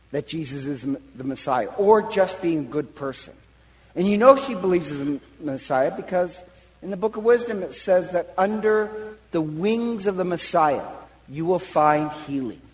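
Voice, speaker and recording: A man, a priest, retelling a Bible story in a sermon, animated and full of acted-out quotes. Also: high-pitched, big-room sound, poor audio. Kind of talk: sermon-style Bible teaching.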